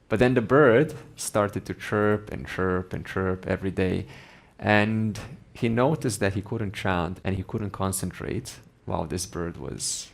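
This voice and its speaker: A man teaching Vedanta, telling a story in a measured, gently emphatic way. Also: on the low side, creaky. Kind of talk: storytelling in a spiritual lesson.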